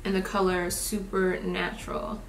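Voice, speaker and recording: A young woman chatting casually to viewers while doing her makeup, expressive and lively, calling them y'all. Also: fairly low pitch, moderate pace, slight background noise. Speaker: beauty vlogger. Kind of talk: casual get-ready-with-me chat. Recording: roomy home recording.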